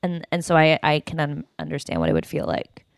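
A woman's voice: sits low, very animated, fairly quick, creaky, dry recording, clean studio sound. A woman hosting a casual chat, blunt and teasing, who swears casually.

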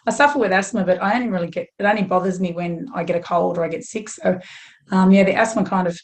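A middle-aged Australian woman with a slightly croaky voice, chatting frankly and at length as a podcast guest. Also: fairly low pitch, fast talker. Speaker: guest runner. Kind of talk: casual chat.

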